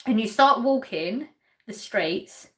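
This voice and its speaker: A woman's voice: on the high side, expressive, takes it slowly, fairly bright tone. Chatty woman reading stream chat. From Essex, England. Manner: chatty, laughs often, trails off mid-sentence. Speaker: livestream host. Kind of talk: casual chat reading viewer comments.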